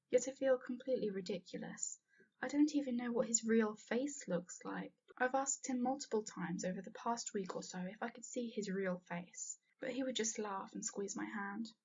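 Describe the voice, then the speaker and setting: A woman's voice: on the high side, normal speed, darkish tone, husky. A woman reading a first-person fanfiction story aloud, earnest and sometimes dropping to a whisper. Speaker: fanfiction reader. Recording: dull lo-fi home recording.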